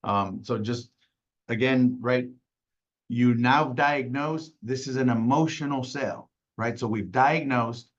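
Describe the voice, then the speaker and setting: A man's voice: medium pitch, slow, lo-fi sound. A man leading a casual sales training call, talking conversationally and acting out clients, with many "right?" tags.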